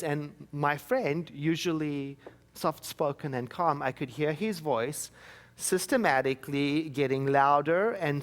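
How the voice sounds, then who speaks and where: Man, minister, sermon, church, storytelling, wry humor, slightly high-pitched.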